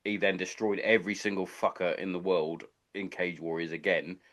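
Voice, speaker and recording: A man's voice: sits low, steady tone, normal speed, a bit bright. A man hosting a podcast, chatting casually and telling long rambling anecdotes full of swearing. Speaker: podcast host. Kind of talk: casual chat.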